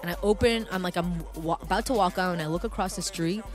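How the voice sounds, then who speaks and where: A woman's voice: fairly low pitch, fast, soft background music. A woman from Canada telling a story in casual chat, acting out voices and swearing freely.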